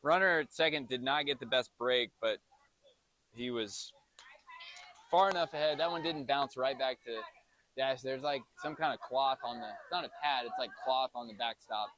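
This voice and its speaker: A man's voice: mid-range voice, moderate pace, a bit bright, no room sound. A middle-aged man, a dad doing amateur play-by-play commentary of his son's youth baseball game in a chatty, self-joking announcer manner.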